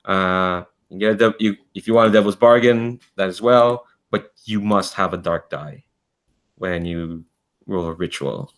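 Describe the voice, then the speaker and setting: A man with a low voice narrates a tabletop game as game master. His descriptions wander and restart, thick with fillers. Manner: rambling, halting narration full of fillers and restarts.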